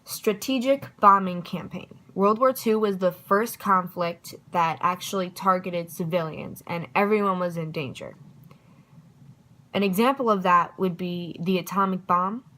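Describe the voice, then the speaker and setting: Bright chatty young woman reviewing history. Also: fairly low pitch, measured pace, poor audio. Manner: chatty and self-deprecating, stumbles over words. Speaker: student giving a history review. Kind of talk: casual study review.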